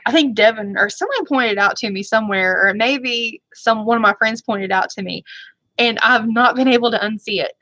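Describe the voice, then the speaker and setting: Chatty, apologetic woman vlogger, bright voice. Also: on the high side, brisk, dry recording. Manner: chatty, rambling, often apologetic. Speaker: beauty vlogger. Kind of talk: casual chat.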